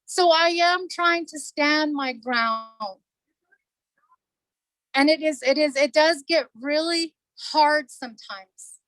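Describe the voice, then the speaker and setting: A middle-aged woman with a high voice speaks as a council delegate at a community meeting. Her voice is close and dry, with no room sound. She talks earnestly and with emotion, going back over her points to drive them home. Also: a bit bright, dry recording, rough recording. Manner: earnest, emotional, repeats herself for emphasis.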